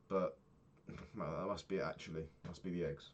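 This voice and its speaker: A man's voice: deep voice, brisk, few pauses, slight background noise. A young man talking through his day in a candid, rambling diary vlog, swearing freely. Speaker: vlogger.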